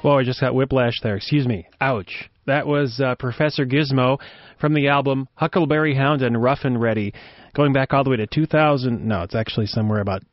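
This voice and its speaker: A man's voice: medium pitch, brisk, no echo, faint music behind. A man hosting a radio show, rambling through wry, joking commentary. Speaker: radio host. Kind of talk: casual commentary. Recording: dull dry lo-fi sound.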